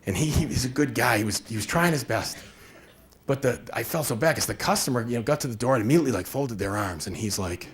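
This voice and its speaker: A man talking to a room as a workshop presenter, his voice rising and falling in a lively way. He keeps it casual and animated, slipping into quick acted-out exchanges to make a point. His pitch sits in an ordinary middle range. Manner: animated and conversational, acts out little scenes. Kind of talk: live workshop talk.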